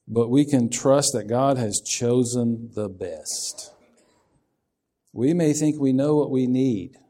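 A man's voice: medium pitch, dark tone. A man preaching a sermon in a folksy, conversational way, often asking his listeners questions.

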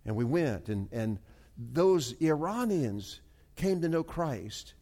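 This male preacher's voice runs a little high and very animated while he shares a story from the pulpit in earnest. His telling stalls and starts over repeatedly, dipping into soft remarks before building to forceful peaks.

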